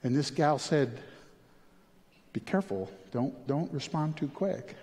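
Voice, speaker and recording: A man preaching a sermon in a fairly high voice. He asks quiet questions, then climbs into urgent, animated pleading. His voice rings with the long reverb of a big hall. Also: a little slow. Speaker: pastor.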